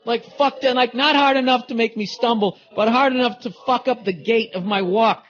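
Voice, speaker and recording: A man's voice: very high-pitched, moderate pace, fairly bright tone, highs cut off. A middle-aged man, a comedian hosting his own podcast, telling a story in a casual, rambling monologue full of profanity.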